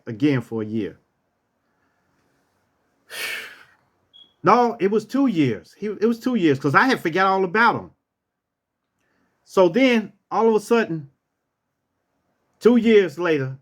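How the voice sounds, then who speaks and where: Animated man telling a story. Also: fairly high pitch. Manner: animated, acts out what people said, repeats phrases. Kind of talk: casual storytelling.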